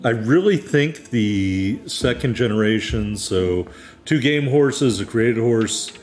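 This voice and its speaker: Casual let's-play host, a man with a lowish voice, chatty and meandering, faint game music underneath. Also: a little mellow. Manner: rambling, many ums, self-deprecating asides.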